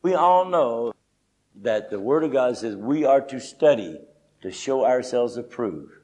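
A middle-aged man delivering a sermon in a relaxed, folksy manner. He speaks at a medium pitch, pushing hard on key points and tossing in "you know" as he goes. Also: measured pace, rough recording. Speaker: preacher. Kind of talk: conversational sermon.

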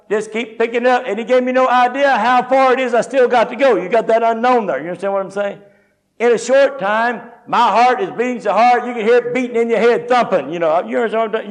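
A man preaching, telling a folksy, animated personal story with quoted speech. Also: extremely high pitch. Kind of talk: sermon testimony storytelling.

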